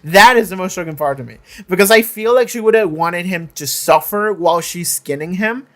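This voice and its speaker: A man's voice: high voice, a little fast, fairly bright tone. A man casually reviewing a TV episode he just watched, rambling with many restarts and swearing freely. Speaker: reaction channel host.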